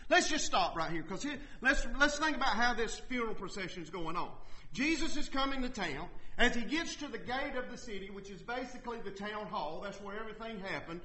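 A man's voice: high-pitched, expressive, brisk, bright, forceful tone, rough recording. A man preaching a sermon, earnest and punctuated by call-and-response asides.

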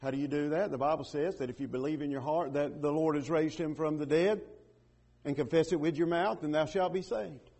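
Husky high-voiced preacher. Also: male voice, steady tone, fairly quick. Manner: impassioned, swells loud then drops to a hush. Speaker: pastor. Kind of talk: sermon.

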